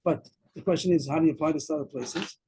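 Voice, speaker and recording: A man's voice: on the high side, fast, mellow, slight background noise, poor audio. A man teaching a Talmud lesson over a video call, explaining step by step and repeating himself as he goes. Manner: explains step by step, repeats words, mixes Aramaic terms. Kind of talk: daf yomi Talmud lesson.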